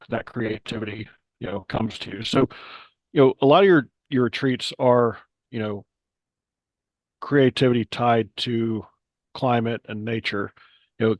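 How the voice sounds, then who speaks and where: Halting male podcast host, dry sound. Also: mid-range voice, darkish tone, dry recording, low-quality recording. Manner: halting, many fillers and repeated "you know". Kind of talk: interview conversation.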